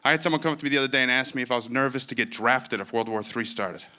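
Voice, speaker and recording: A man's voice: mid-range voice, racing, pushed and bright. A man doing stand-up comedy in a wry, conversational way.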